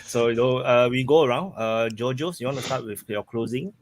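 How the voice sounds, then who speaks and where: A man's voice: medium pitch, fairly quick. A man with a Singaporean English accent hosting a video call discussion in a laid-back way. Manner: laid-back, keeps time, wraps up. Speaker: host.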